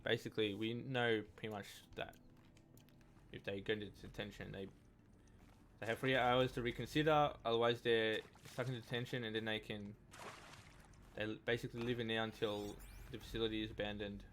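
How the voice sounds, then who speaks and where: A man's voice: on the low side, fairly even intonation, brisk, fairly bright tone, slight background noise. A man giving casual gameplay commentary, reading in-game texts aloud in a rambling, hesitant way with many restarts. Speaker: let's play gamer.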